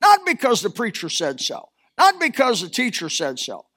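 A man's voice: extremely high pitch, huge pitch swings, moderate pace, bright, forceful tone, slightly rough. A man preaching a sermon, swelling and dropping in force as he reads scripture and applies it. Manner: impassioned preaching, rising and falling in force. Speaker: pastor.

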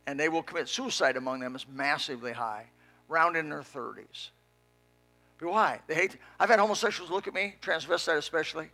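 A pastor preaching a fiery sermon to his church congregation, dropping to a hush and then rising to a shout. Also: a little high.

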